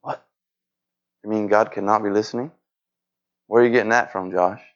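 A man's voice: fairly low pitch, fairly even intonation, moderate pace, highs cut off. A man preaching a sermon in an earnest way, repeating phrases and acting out pleading prayers.

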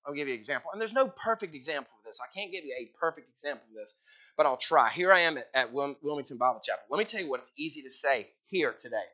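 A man with a high, bright voice preaches a sermon in a church hall, talking casually and quizzing his listeners by name. The recording sounds a little dull and lo-fi. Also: expressive, quick pace. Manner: conversational, teasing the congregation with questions.

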